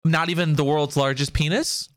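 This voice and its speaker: A man's voice: on the high side, steady tone, moderate pace, a bit bright, no room sound, clean studio sound. A man co-hosting a podcast in casual, teasing banter. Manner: teasing, playful, puts on silly voices. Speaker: podcast co-host.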